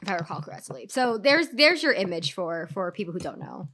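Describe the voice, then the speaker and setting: A woman's voice: medium pitch, big pitch swings, a little fast, a bit bright, slight background noise. A sick-sounding woman streaming a game, rambling casually with fillers, restarts and swearing. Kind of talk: casual gameplay commentary.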